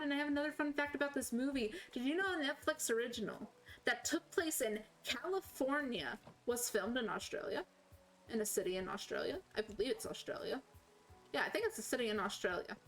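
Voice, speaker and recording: Rambly streamer woman, faint Southern lilt, a bit high, soft music under her. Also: expressive, normal speed, rough recording. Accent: slight Southern US. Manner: rambling, self-correcting, chatty. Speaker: game streamer. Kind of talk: casual chat while playing.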